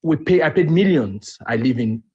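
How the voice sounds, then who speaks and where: A man's voice: fairly high pitch, animated, moderate pace, dark tone, husky. A man calling in to a live talk stream, indignant and firing rhetorical questions. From family in Nigeria. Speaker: caller. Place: lives in the UK. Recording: muffled lo-fi call audio.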